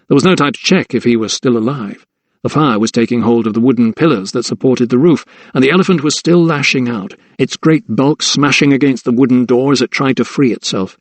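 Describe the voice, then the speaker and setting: Guy narrating an audiobook, mid-pitched, steady and suspenseful, dry close mic. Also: no room sound. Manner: measured, suspenseful reading. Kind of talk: scripted narration.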